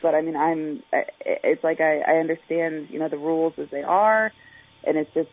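A woman with a low voice speaks at a moderate pace with fairly even intonation. As an Olympic track and field athlete in a phone interview, she chats casually, using many fillers and restarts, over a tinny line.

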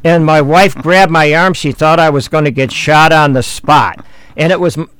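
Older new guy, folksy storyteller, smooth voice, dry close sound. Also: a little high, moderate pace, fairly bright tone, no room sound. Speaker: host. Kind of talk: reminiscing talk show chat.

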